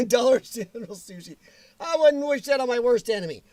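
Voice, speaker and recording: A man's voice: very high-pitched, animated, brisk, darkish tone. A man hosting a casual livestream chat, rambling and blunt, joking as he reads viewer comments. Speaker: livestream host.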